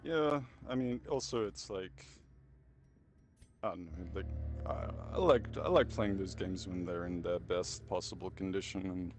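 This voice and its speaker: A man's voice: sits low, a little slow, a little mellow. A man chatting casually while streaming a game, rambling and hesitant, full of fillers and slang. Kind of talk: casual gaming chat. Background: game music.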